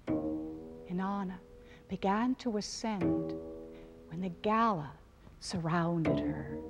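A woman's voice: lowish voice, huge pitch swings, takes it slowly, darkish tone, faint music behind. A woman storyteller performing an ancient epic in a rhythmic, incantatory way, sometimes dropping to a whisper.

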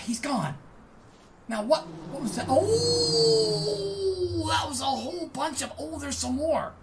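Bubbly high-voiced woman gaming. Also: background noise. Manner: exclaims and laughs often while playing. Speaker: gaming let's-player. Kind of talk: excited gameplay commentary.

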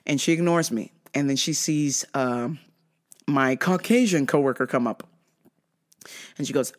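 A young woman hosting a show, telling a profane, animated story with frequent laughter. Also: a bass voice, measured pace, pauses often. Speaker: show host. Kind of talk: casual storytelling.

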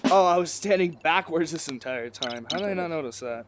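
A man playing a VR game at home, giving casual, excitable commentary through a headset microphone. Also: on the high side, brisk, music in the background. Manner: excitable, exclaiming, joking. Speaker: gaming video creator.

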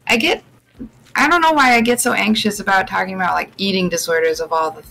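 A woman's voice: medium pitch, quick pace, gravelly, a bit bright, soft background music, low-quality recording. Rambling young woman on a live stream. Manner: chatty, rambling with many fillers and restarts. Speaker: guest. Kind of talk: casual chat on a live stream podcast.

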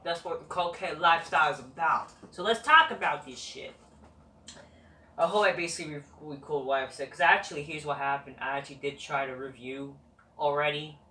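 A man's voice: on the high side, fairly quick, pushed and bright. Swearing, rambling man in a roomy room. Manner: rambling, constant swearing, dismissive. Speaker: wrestling show reviewer, channel host. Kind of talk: profane rambling review rant. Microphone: camera mic. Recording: roomy, distant mic, faint noise.

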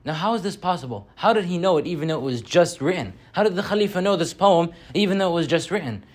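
Young man telling a sermon story. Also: high-pitched. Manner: animated storytelling, slows down on key points. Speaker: Friday sermon speaker.

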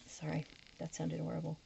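A woman talks through her planner spread in a casual, rambling way, often dropping to a near-whisper as she works. Her voice is low and gravelly with a tired edge. The recording is dull and lo-fi, with a faint hiss behind her. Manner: chatty, often drops to a whisper while sticking stickers. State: voice starting to go. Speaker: planner vlogger. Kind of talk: casual plan-with-me chat.

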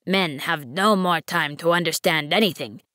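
A woman voicing a wise, patient male fox in an audiobook, speaking in a measured, earnest way. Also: deep voice, a bit bright, no room sound, studio quality. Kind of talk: audiobook reading.

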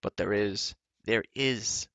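A man's voice: lowish voice, animated, normal speed, creaky, fairly bright tone, no echo. A man doing a whiny, sniveling little giant. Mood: pleading. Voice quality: sniffling, whining. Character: whiny shrunken male giant, sniveling and pleading. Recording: dull lo-fi recording.

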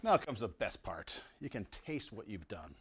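A man's voice: on the low side, very animated, normal speed, very noisy. Enthusiastic man cooking at home. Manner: enthusiastic, savoring food aloud with lots of mm and wow. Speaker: home cooking show host. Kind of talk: casual cooking demonstration. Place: home kitchen.

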